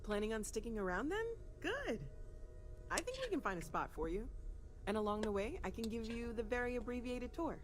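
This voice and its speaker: A woman's voice: fairly high pitch, sing-song, a little fast. An actress playing a friendly, earnest young woman scientist in a video game, talking eagerly and correcting herself mid-thought. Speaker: game character, a young researcher. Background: game music.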